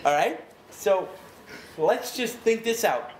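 A man making a prank phone call, putting on a mock-angry, sarcastic tone and talking down slowly to the person he is calling. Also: sits high, lively intonation. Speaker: prank caller. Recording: echoey room with loud background noise.

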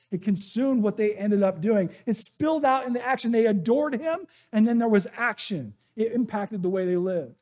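A middle-aged man preaching in a church, with a fairly high voice that leaps up and down as he tells stories. He talks casually and keeps putting questions to the congregation. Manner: animated, conversational, asks the audience questions. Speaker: pastor. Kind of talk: sermon with storytelling. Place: church sanctuary.

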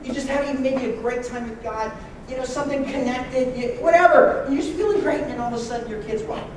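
Guy preaching a sermon, jokey and lively, heard from far off in a big echoey church room. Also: very high-pitched, quick pace, a little hiss or hum. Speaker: pastor.

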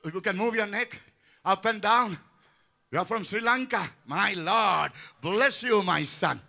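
A man's voice: sits high, lively intonation, unhurried, gravelly, pushed and bright. A man in his sixties leading a healing service as pastor, fervent and repetitive in call-and-response. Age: 60s.

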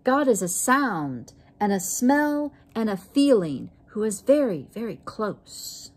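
A woman's voice: medium pitch, sing-song, takes it slowly, a little mellow, voice pushed up. A woman voicing a small eager ant in a storybook reading, with an earnest, lifted delivery.

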